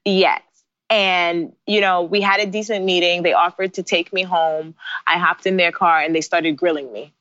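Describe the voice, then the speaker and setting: Brief: woman in her thirties, lowish voice, animated storyteller, dry dull recording. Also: moderate pace, dry recording. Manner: animated, laughing asides, acts out her own past lines. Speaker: guest, bridal designer. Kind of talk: casual interview storytelling. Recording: dry, slightly dull sound.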